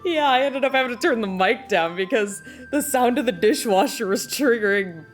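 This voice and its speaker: A woman's voice: on the high side, animated, moderate pace. A woman chatting casually with her live-stream viewers while she draws, laughing often. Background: video game music playing.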